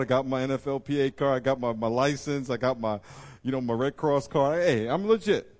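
A man preaching a sermon to his church as pastor, animated, dropping to quiet asides and rising to loud excited bursts. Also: mid-range voice, brisk.

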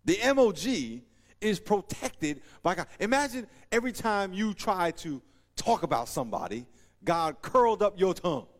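A man preaching a sermon as pastor, animated, acting out scenes in voices and laughing often. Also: high voice, normal speed. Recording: long reverb of a large hall.

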